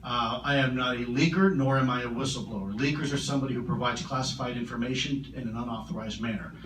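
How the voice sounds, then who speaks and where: A man answering audience questions at a conference, earnest and measured, often repeating his words. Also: medium pitch. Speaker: conference keynote speaker. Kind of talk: public Q&A answers. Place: large conference hall. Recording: roomy hall, distant mic, noisy.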